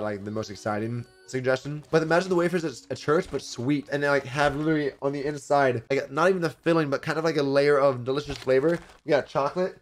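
Excitable young male streamer. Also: mid-range voice. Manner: enthusiastic, exclaiming, talks to chat. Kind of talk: excited unboxing and gaming stream chat.

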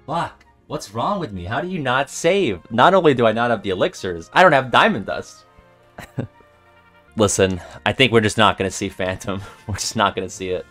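Young man, low voice, game streamer, swears a lot, jokey, mumbles then yells, faint music behind. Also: animated, moderate pace. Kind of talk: casual game-stream commentary.

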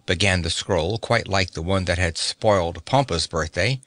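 A man's voice: moderate pace, hardly any pauses, a bit bright, no room sound, studio quality. A man reading a children's fantasy novel aloud, lifting his voice for the characters' lines. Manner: raises pitch for quoted characters. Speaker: audiobook narrator. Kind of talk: storybook narration with character voices.

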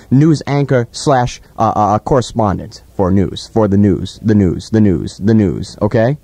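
A man's voice: medium pitch, warm tone, no room sound. A young man hosting a college radio show from the studio, in irreverent casual banter. He talks in a mock-grandiose, profane way, often stammering and repeating words. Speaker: radio host. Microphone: studio mic, monitoring on headphones.

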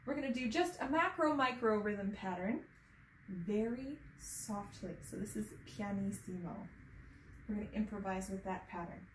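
A woman's voice: mid-range voice, lively intonation, moderate pace. A woman teaching an online piano lesson, patiently explaining and chanting rhythm patterns and solfege. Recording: echoey room with faint ambient noise.

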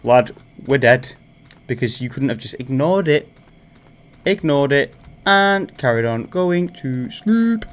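Excitable man doing jokey horror gameplay commentary, lively pitch. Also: slow pace. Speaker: gaming commentator. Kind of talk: comedic horror game commentary.

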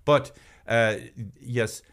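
A man's voice: medium pitch, fairly even intonation, drawn-out words, a bit bright, clean tone. A man hosting a podcast, rambling in casual chat with stammering restarts and playful impressions. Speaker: podcast host.

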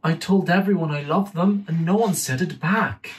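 A young man voicing a small, sweet, affectionate little boy in a storybook reading, with a high, earnest, childlike voice. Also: moderate pace, distant mic, lightly acted. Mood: sad.

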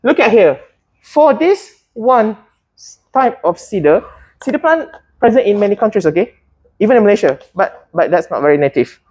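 A woman's voice: mid-range voice, very animated, normal speed, darkish tone, husky. A woman teaching a botany class, often hesitating and putting questions to her students. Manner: hesitant, many fillers and restarts, asks students questions.

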